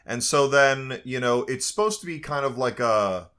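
A man's voice: mid-range voice, normal speed, bright, forceful tone. A man co-hosting a podcast, chatting casually about a film in an easygoing way with hesitant starts. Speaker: podcast co-host. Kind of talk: casual film review chat.

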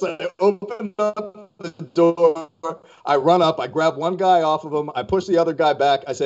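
A man's voice: a little high, moderate pace, darkish tone, faint music behind. A man casually telling a story on a podcast as a co-host, acting out the voices of people he quotes. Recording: dull lo-fi podcast audio.

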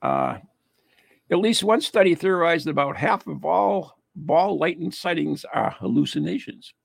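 Gravelly, lively-voiced man reading aloud. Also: a little high, no room sound. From United States. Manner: reads aloud haltingly with frequent laughs and asides. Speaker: host. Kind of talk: casual chat reading an article.

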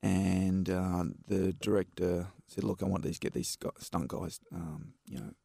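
Gravelly laid-back Australian man. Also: deep voice, fairly even intonation, unhurried, mellow, dry recording, clean studio sound. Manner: laid-back, rambling anecdotes with many fillers. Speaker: stuntman guest. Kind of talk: casual storytelling interview.

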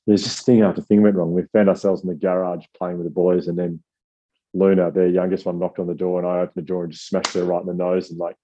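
A man telling a rambling, self-deprecating story as an author guest, quoting people in lively voices. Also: low-pitched, quick pace, lo-fi sound, a little hiss or hum. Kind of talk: casual storytelling.

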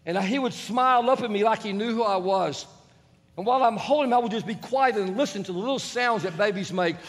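Talking fast in a high voice, a middle-aged man preaches as a pastor, sharing funny family stories and doing the voices of others. The recording carries the long reverb of a large hall.

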